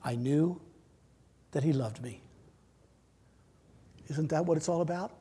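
Middle-aged guy preaching in church, high husky voice, gets loud then drops almost to a whisper. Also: a little slow. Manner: earnest, swings from loud to near-whispered. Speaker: pastor. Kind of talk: sermon.

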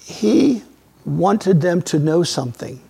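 A man preaching a sermon as a pastor, emphatic, swinging between loud outbursts and quiet asides. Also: sits high, very animated, slow pace, vocal fry, slightly rough. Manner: emphatic preaching with sudden loud rises and soft drops.

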